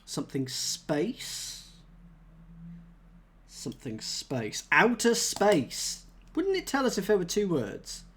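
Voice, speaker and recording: A man's voice: sits high, huge pitch swings, takes it slowly, long pauses, a bit bright, a little hiss or hum. A man thinking aloud as he solves a cryptic crossword live, chatting with viewers and laughing at himself. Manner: chatty, reads chat aloud, self-mocking laughs.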